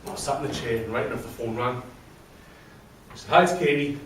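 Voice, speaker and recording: This man's mid-range voice is steady and fairly bright, and he moves fast as he shares a personal story with a live audience, chatty and self-deprecating. A little hiss or hum sits under it, recorded from a distant mic in a very echoey room with faint ambience.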